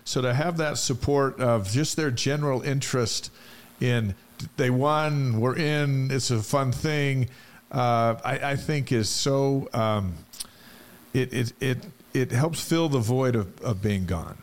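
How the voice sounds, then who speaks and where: Laid-back guy hosting a sports show, average pitch, tells stories. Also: takes it slowly. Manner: easygoing, anecdotal. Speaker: podcast co-host. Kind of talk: casual sports chat.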